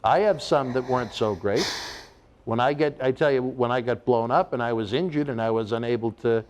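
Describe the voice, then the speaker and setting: Man gently asking interview questions. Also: mid-range voice, brisk, dull audio, a little hiss or hum. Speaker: host. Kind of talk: interview chat.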